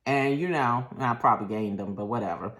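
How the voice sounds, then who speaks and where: A woman's voice: very deep voice, brisk. A woman, telling a story in a casual vlog rant and acting out what people said. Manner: animated, acts out quotes in shifting voices. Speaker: vlogger.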